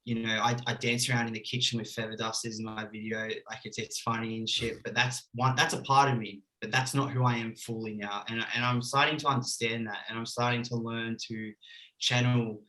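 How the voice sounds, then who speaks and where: A man's voice: medium pitch, level tone, fairly quick, pushed and bright, low-quality recording. A young Australian man, a podcast guest on a video call, talking earnestly and candidly, saying "bro" and "like" a lot. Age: young adult. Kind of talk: casual podcast chat over video call.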